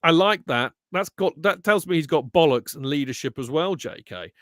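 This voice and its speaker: Chatty, excitable man hosting a football podcast. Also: a little high, moderate pace, no room sound, clean studio sound. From England. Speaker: podcast host. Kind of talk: casual football podcast chat.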